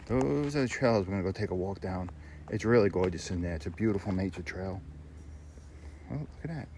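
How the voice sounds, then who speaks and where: A man's voice: low voice, expressive, fairly quick, a little mellow, a little hiss or hum. Upbeat man filming a nature walk. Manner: enthusiastic, chatty, narrating what he sees. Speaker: vlogger. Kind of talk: walking tour vlog. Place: outdoors on a nature trail and lookout tower.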